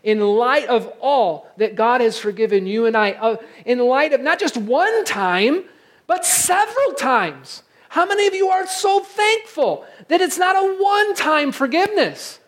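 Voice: high voice, lively intonation, unhurried, fairly bright tone. A pastor preaching a sermon in a conversational way, reading scripture aloud and checking in with the listeners. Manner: reads scripture aloud between comments.

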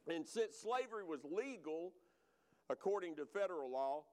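A man's voice: a little high, expressive, normal speed, a little mellow. A man preaching a sermon, talking conversationally to the congregation and repeating phrases for emphasis. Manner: addresses congregation and online viewers directly. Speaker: pastor.

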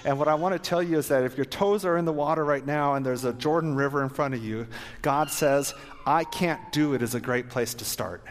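A man's voice: mid-range voice, brisk, a little hiss or hum. Preaching man in a reverberant hall. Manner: earnest, exhorting, ends in prayer. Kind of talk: sermon.

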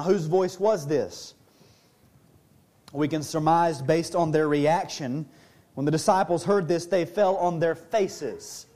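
A man preaching a sermon, earnest, slowing down and dropping his voice low to stress key lines. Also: darkish tone. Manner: earnest preaching, slows and drops low for emphasis. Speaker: pastor.

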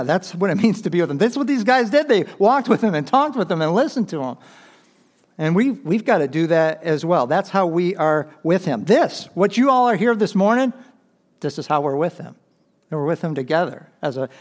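A young adult man, a youth pastor preaching a sermon in a conversational way, often checking in with "right?". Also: fairly high pitch. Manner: conversational preaching, frequent "right?" asides and restarts.

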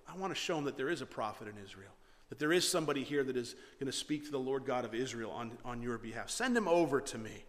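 A man doing a calm, firm prophet. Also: mid-range voice, quick pace, long reverb tail, lightly acted.

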